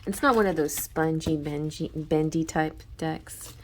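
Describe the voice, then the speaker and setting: Low-voiced woman doing a deck flip-through, half-whispers the card texts, chatty and giggly in between, bit of faint hiss. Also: steady tone, a little slow. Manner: reads card texts in a soft half-whisper, then chats with laughs. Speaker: tarot channel host.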